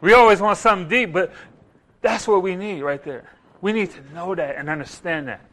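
A man preaching a sermon, animated, acting out voices and rising loud for emphasis. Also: high-pitched, a little fast.

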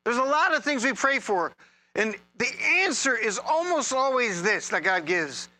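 A man preaching a sermon as a pastor, conversational and humorous, with energetic bursts of emphasis. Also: extremely high pitch, measured pace.

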